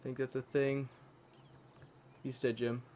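A man casually commenting on his own online shooter match, excitable and trash-talking, dropping to mutters and jumping to yells. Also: medium pitch, slow pace, slight background noise. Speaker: gaming YouTuber.

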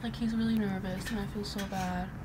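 A woman chatting casually at home in a vlog, fond and lively. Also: mid-range voice, a little fast, background noise. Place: home indoors.

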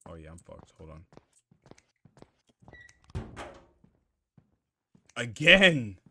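Playing a horror game, a man swears and mutters to himself in jumpy asides for let's play commentary. His fairly high voice swings widely in pitch, stretches words out, and sounds pushed and bright.

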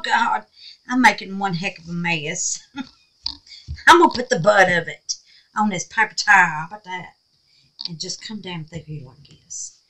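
A middle-aged woman hosting a crafting video, talking casually and excitably with many exclamations. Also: lowish voice, low-quality recording. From Southern United States. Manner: chatty, excitable, frequent exclamations. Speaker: resin craft video host. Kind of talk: casual crafting demo talk.

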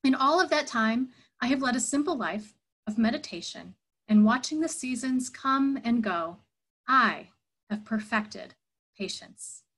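A woman voicing a wise old male hermit who speaks slowly and calmly, as part of a sermon story. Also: on the high side, breathy edge, full character voice. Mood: annoyed.

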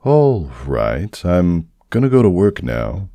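A man's voice: sits low, very animated, slow pace, warm tone, no echo, exaggerated voice. A man playing a dry, weary stallion dad. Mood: deadpan. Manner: dry, sarcastic understatement. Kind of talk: fan audio drama reading. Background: faint background music.

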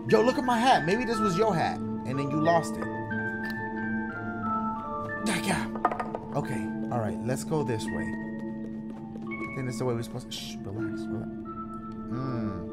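A man giving excitable, jokey let's-play commentary, slangy and talking to himself as he plays. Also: on the high side, measured pace, pauses often. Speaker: gaming YouTuber. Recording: game music under the voice.

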